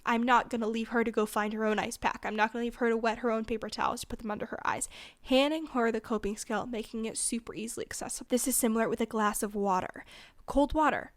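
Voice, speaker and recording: A teenage woman hosting a solo advice podcast, talking earnestly and reassuringly in quick, list-like runs. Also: fairly high pitch, steady tone, no echo. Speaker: podcast host.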